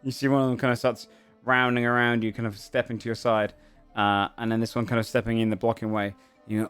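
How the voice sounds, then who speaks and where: A man's voice: mid-range voice, fast, fairly bright tone, clear, resonant tone, soft background music. A man narrating as game master, rambling with many fillers.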